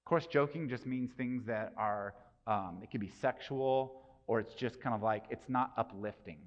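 A man's voice: mid-range voice, moderate pace. A man preaching a sermon in a casual, conversational way, asking the congregation rhetorical questions. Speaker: pastor. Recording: dull sound with long hall reverb.

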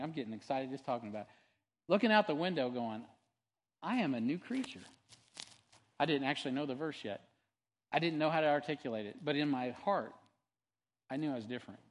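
Earnest male pastor in a reverberant hall. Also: mid-range voice. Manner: conversational storytelling with frequent restarts and asides; earnest and animated when testifying. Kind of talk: sermon.

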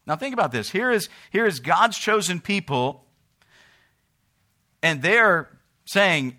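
A man's voice: expressive, measured pace. A man preaching a sermon who reads scripture aloud, then explains it in casual speech with fillers and restarts, his voice rising when he pleads. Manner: reads scripture in King James English, then explains with fillers and repeated phrases; grows louder and higher when pleading or quoting. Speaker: pastor.

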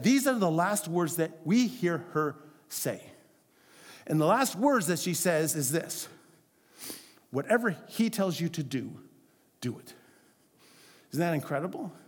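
A man's voice: sits high, big-room sound. A man preaching as a pastor. He talks conversationally and keeps asking the congregation questions. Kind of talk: sermon.

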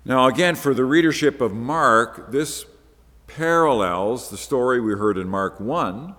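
A man's voice: mid-range voice, animated, measured pace, fairly bright tone. Preacher man in a reverberant hall. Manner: conversational, explaining step by step. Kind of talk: Bible-teaching sermon.

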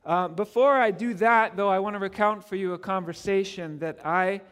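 A middle-aged man from Canada preaching a sermon as a pastor, talking in an earnest, conversational way with gentle humor. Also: high voice, normal speed. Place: church sanctuary. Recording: long reverb of a church hall.

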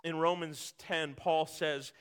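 A man's voice: on the high side, fairly even intonation, slow pace, fairly bright tone, clean tone. A man preaching a sermon, earnest and building through repetition, acting out short quotes. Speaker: pastor.

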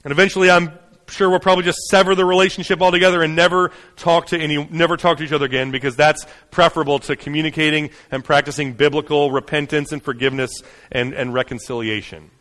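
Man, conversational sermon, fairly high voice, chatty asides, urgent bursts then soft slow drops. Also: fairly even intonation, in a large hall. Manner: conversational preaching, frequent "right?" and "you know" asides. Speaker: pastor.

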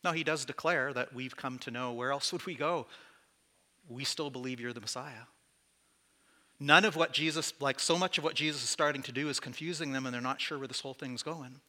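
A man's voice: mid-range voice, brisk, bright, forceful tone. A man preaching as pastor to his church, candid and conversational, with self-deprecating asides. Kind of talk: sermon.

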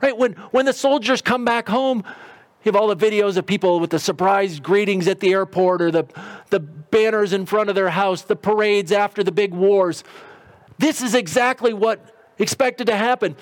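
A middle-aged man preaching a sermon in a conversational storytelling way, briefly acting out quotes. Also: high-pitched. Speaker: pastor.

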